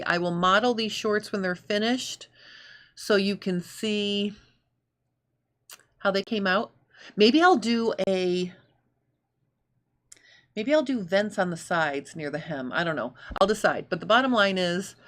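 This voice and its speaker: A woman's voice: on the low side, fairly bright tone. A woman hosting a live sewing show, thinking aloud in casual chat and reading out viewer comments.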